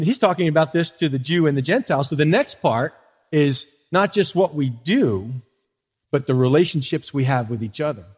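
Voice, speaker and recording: Male pastor, high voice, casual preaching with rhetorical questions, long echo of a church hall. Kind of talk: sermon. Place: church sanctuary.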